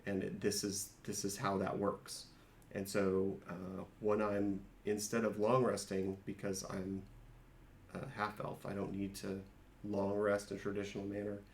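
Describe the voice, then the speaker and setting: A man's voice: sits low, monotone, measured pace, a little mellow, a little hiss or hum. A man playing a tabletop game, explaining his character at length with frequent restarts. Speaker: player. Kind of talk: casual chat about a tabletop game. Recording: echoey room.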